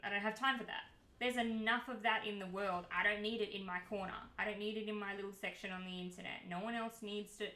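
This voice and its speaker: A woman's voice: mid-range voice, steady tone, quick pace, bright, forceful tone. A woman streamer chatting casually and candidly to her viewers, heated at times and swearing freely. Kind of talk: casual livestream chat. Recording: roomy echo.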